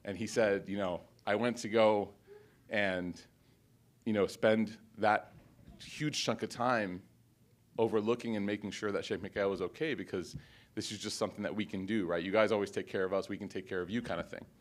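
A man's voice: on the low side, steady tone, moderate pace. A male teacher giving a heartfelt speech at a graduation ceremony, telling stories and reciting Arabic quotations. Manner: storytelling, emotional, quoting Arabic.

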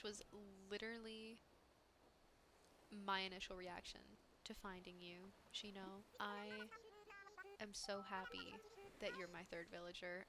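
With game music and other noise behind her, a young woman casually commentates her gameplay for her channel's viewers in a mid-range voice, breaking into giggles often.

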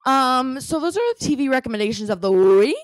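A young woman co-hosting a podcast, chatting casually with lots of fillers and a bouncy, animated delivery. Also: fairly quick, no room sound. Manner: chatty, lots of fillers, bubbly swings in pitch. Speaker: podcast co-host. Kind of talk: casual chat.

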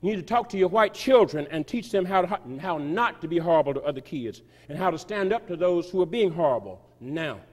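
A man preaching a sermon as pastor, reading a quoted text aloud with emphatic, sweeping shifts in loudness and pace. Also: high-pitched, expressive, brisk, few pauses. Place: church sanctuary. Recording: reverberant church hall.

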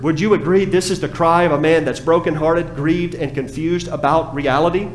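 A man preaching a sermon as pastor, passionate, dropping to a hush and then rising again. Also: fairly high pitch, steady tone, normal speed, few pauses, reverberant, slight background noise, low-quality recording. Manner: impassioned preaching, swings from hushed to raised. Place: church sanctuary.

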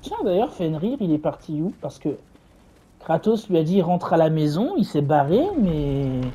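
A man commenting casually on a game as a streamer, chatty and quick to laugh. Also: on the high side, animated, warm tone, husky.

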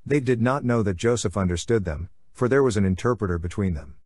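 A man hosting a Catholic podcast, reading the Bible aloud in a measured, steady way. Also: on the low side, dry recording, studio quality.

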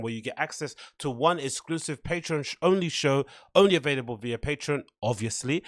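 A man's voice: mid-range voice, a bit bright, dry recording, clean studio sound. A man hosting his own podcast, rambling casually through his week with lots of fillers. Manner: rambling, loose, filler-heavy. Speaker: podcast host.

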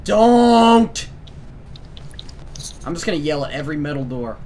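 Jumpy gamer, man, high-ish voice that swings all over, panicky, yelps and screams, noisy hiss behind. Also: big pitch swings, unhurried, darkish tone. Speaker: gamer playing a horror game. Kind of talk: let's play commentary. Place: at a home computer.

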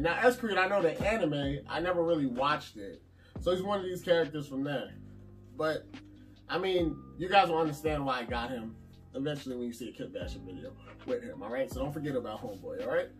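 A man chatting casually to his viewers while unboxing, slangy and talkative. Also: fairly high pitch. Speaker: vlogger unboxing anime figures. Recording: distant mic with music behind.

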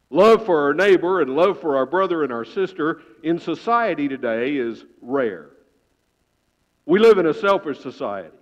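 A man preaching a sermon in church, telling a story with sudden loud swells and quiet hushed drops. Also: a little high. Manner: dramatic storytelling, swelling loud then dropping to a hush. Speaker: pastor. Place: church sanctuary. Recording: dull reverberant church sound.

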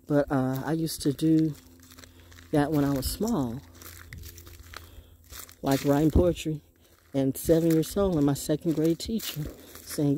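Mellow-voiced woman rambling on a nature walk. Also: low voice, a little hiss or hum. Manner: rambling and chatty, dropping into soft hushed asides. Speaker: vlogger. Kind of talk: casual walking monologue. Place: outdoors in nature.

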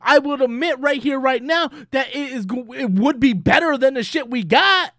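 A man's voice: extremely high pitch, moderate pace, fairly bright tone, dry recording, studio quality. A man hosting his own channel, ranting in a heated, profane way and tagging his points with "right?". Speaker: channel host. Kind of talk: profane opinion rant.

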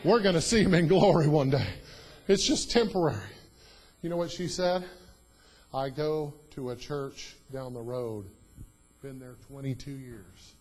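Husky-voiced man preaching a sermon. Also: fairly high pitch, a little slow, poor audio. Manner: swings from hushed to loud, emphatic preaching. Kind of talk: sermon storytelling. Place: church.

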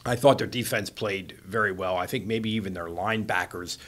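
A man, a sportswriter and co-host, talking football in a casual chat, often restarting his sentences and trailing off quietly. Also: sits low, a little fast.

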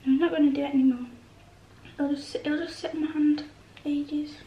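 Chatty high-voiced woman vlogging. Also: a little fast, highs cut off, slight background noise. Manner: chatty and excitable, coos softly to her pet. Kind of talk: casual vlog chat. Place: indoors at home.

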